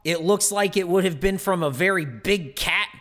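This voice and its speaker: A man playing Jason Voorhees as a slow, rambling, goofy roommate in an improvised courtroom sketch. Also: sits high, fairly bright tone. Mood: explaining. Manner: rambling, goofy, self-justifying. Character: Jason Voorhees, dim-witted immortal slasher roommate.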